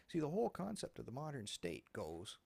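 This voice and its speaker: Ranting man, gravelly voice. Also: fairly high pitch, brisk. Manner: animated, sarcastic, profane ranting. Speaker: talk show host. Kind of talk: ranting commentary.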